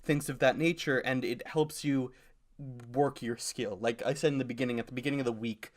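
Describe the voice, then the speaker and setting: A man's voice: medium pitch, steady tone, fairly quick. A young man co-hosting a podcast in casual chat, rambling with lots of fillers. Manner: rambling with many fillers and laughs. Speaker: podcast co-host.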